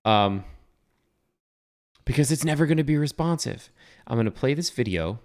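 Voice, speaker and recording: A man's voice: mid-range voice, animated, normal speed, darkish tone. A young man talking casually through a coding tutorial while sharing his screen, thinking aloud with fillers and self-corrections. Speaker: web developer teaching a coding tutorial.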